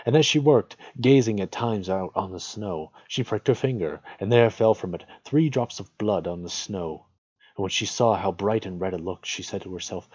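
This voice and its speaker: A man reading a fairy tale aloud at a measured, unhurried pace, as host of a regular reading. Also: deep voice, darkish tone, slightly rough, no room sound, lo-fi sound.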